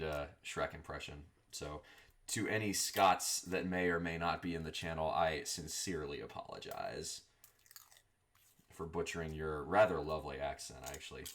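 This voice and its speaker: A man's voice: rumbling low, gravelly, a bit bright. A man hosting his own vlog, chatting casually while he cooks in a home kitchen, rambling through asides. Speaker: vlogger host. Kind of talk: casual cooking chat.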